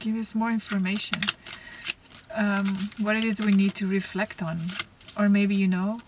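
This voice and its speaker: A woman giving a spiritual oracle card reading to camera, talking softly and reflectively, with pauses and restarts. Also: medium pitch, level tone. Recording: slightly distant mic, faint noise.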